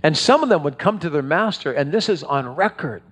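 A man's voice: fairly high pitch, expressive, a little fast, a bit bright, husky. A man preaching a sermon, telling stories in a conversational way with frequent restarts. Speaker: pastor. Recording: long hall reverb.

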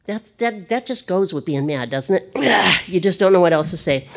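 A woman teaching a Bible study, with conversational, expressive asides between readings. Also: lowish voice, normal speed, vocal fry, few pauses.

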